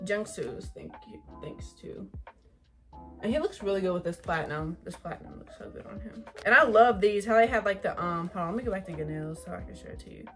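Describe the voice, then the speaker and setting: A young woman gushing over an album unboxing in casual chat, excitable, swearing and full of fillers. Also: mid-range voice.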